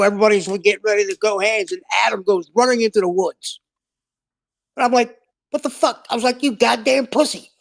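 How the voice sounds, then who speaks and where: A man's voice: sits high, vocal fry. A middle-aged man, an old friend of the host, telling a story in a casual, profane way.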